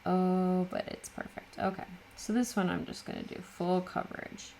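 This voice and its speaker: A woman's voice: fairly low pitch, level tone, normal speed, creaky, darkish tone, a little hiss or hum. A middle-aged woman hosting a casual crafting tutorial, chatty and full of self-deprecating asides. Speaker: craft channel host.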